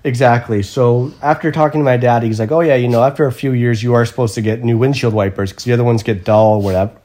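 A man chats through an everyday mishap in a relaxed, storytelling way. His voice is mellow and warm rather than bright. He pokes fun at himself and swears offhandedly. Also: mid-range voice, quick pace. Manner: animated, self-mocking, swears casually. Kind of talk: casual storytelling chat.

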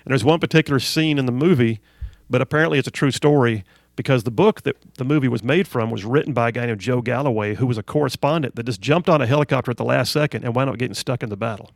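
Male talk radio host, gravelly voice, dry studio mic, emphatic, builds points through repetition. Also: medium pitch, quick pace, no echo. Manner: emphatic, repeats phrases for emphasis. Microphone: studio microphone.

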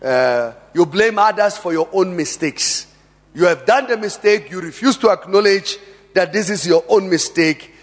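A South African man preaching a sermon in a large church hall, emphatic, with quiet asides and sudden loud bursts. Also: high voice, normal speed. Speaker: pastor. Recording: long reverb of a church hall.

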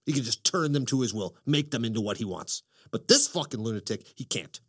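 Excitable, profane man hosting a podcast. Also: medium pitch, a little fast, breathy edge. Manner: excitable, profane, animated storytelling. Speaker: podcast host. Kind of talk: casual chat.

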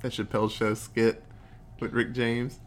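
A man in his thirties chatting casually about movies, animated and profane, jumping into character voices. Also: a little slow. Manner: animated, profane, acts out characters with big pitch jumps. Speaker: podcast co-host. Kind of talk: casual movie review chat.

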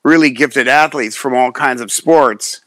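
A middle-aged man, a fighter, telling stories in casual chat, profane and animated, acting out quotes. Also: medium pitch, unhurried, dry recording. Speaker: guest, fighter.

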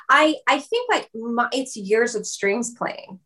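A woman's voice: fairly high pitch, takes it slowly, fairly bright tone. A woman guest speaking in a casual interview, chatty, with many fillers and frequent laughter. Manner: chatty, lots of "like" and "um", laughs often. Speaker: musician guest. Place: video call.

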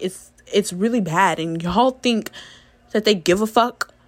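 Woman vlogger, fast-talking, blunt and sweary, mid-pitched, dry close sound. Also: no echo. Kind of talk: casual ranting monologue.

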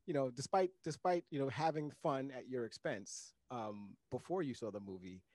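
A man's voice: mid-range voice, moderate pace, a little mellow, dry recording. A man co-hosting a casual podcast chat, talking in a wry, rambling way and repeating words as he thinks. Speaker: podcast co-host.

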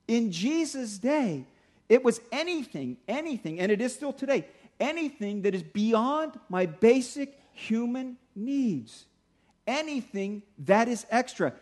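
High-voiced man preaching a sermon. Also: expressive, a little mellow. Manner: conversational preaching, slows for emphasis. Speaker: pastor.

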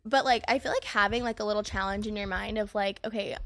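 A young woman co-hosts a podcast, chatting casually, telling stories, and laughing often. Her medium-pitched voice is a bit bright, fairly even in intonation, and fast, with no room sound.

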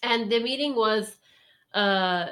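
A woman's voice: mid-range voice, takes it slowly, fairly bright tone. A woman telling a story in casual chat, rambling with lots of fillers and laughs. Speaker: storyteller guest.

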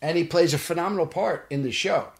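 An actor from Brooklyn, New York, guests on a casual podcast, telling stories and animatedly acting out the dialogue in his Brooklyn accent. His voice is on the high side, fast and creaky, with roomy echo in the podcast studio.

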